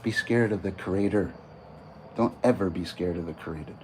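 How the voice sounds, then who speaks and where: A man's voice: low-pitched, moderate pace, a little mellow, a little hiss or hum. A man livestreaming in a casual, boastful, preachy way, quoting scripture at length.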